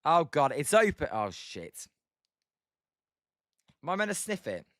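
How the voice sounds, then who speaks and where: A man's voice: fairly high pitch, animated, quick pace, a bit bright, no echo, studio quality. A British man giving casual live-stream baseball commentary, chatting and swearing often while reading out the chat.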